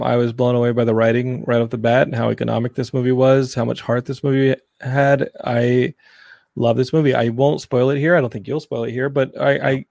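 A man hosting a casual podcast chat, telling stories with energy and acting out what people said in a higher voice. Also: creaky, no room sound, studio quality. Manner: animated storytelling, acts out quotes in a higher voice. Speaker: podcast host. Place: Los Angeles.

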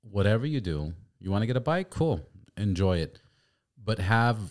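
A man hosting a podcast, chatting casually, swearing freely and telling animated stories. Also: on the low side, moderate pace. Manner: profane, storytelling, animated. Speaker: podcast host. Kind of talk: casual chat.

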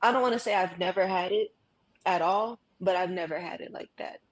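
Chatty woman guest on a video call. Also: on the low side. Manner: emotional, halting, many fillers. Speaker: guest, graphic artist. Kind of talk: casual interview chat.

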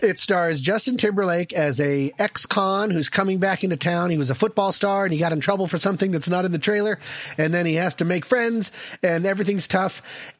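A man's voice: high-pitched, no echo, studio quality. Rambling, laughing male podcast host. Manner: rambling, self-deprecating, laughs often. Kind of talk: casual chat.

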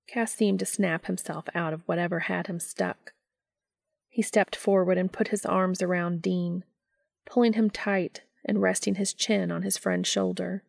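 A woman reading fan fiction aloud in slow, subdued narration. Her voice is lowish and heavily gravelly, with a husky edge. The sound is dry and close. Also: steady tone, no echo. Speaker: reader.

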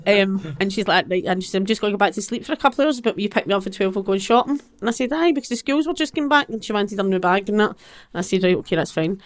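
A woman's voice: mid-range voice, racing. A middle-aged woman with a Glaswegian Scottish accent, a guest telling a personal story bluntly and with animation. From Scotland. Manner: blunt and animated, acts out quoted exchanges. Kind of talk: conversational personal account.

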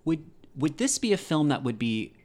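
A man co-hosting a podcast, discussing a film in casual chat, with animated, rising delivery. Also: moderate pace. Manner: animated, rises sharply in pitch when excited.

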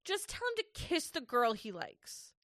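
A woman's voice: a little high, sing-song, moderate pace, a bit bright, dry recording, clean studio sound. A woman co-hosting a casual recap podcast, ranting, swearing and laughing as she goes. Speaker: podcast co-host.

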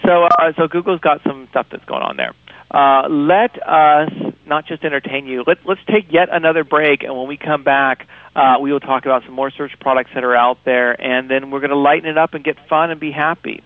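A man's voice: on the high side, fairly even intonation, a little fast, no room sound. A man hosting a podcast in casual chat, rambling and chuckling often. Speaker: podcast host. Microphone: phone. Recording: tinny phone line.

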